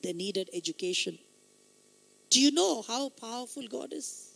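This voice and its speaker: A man with a light, high voice often taken for a woman's, preaching a sermon with emphatic storytelling that swells into loud exhortation. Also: animated, a little slow, creaky, dry recording.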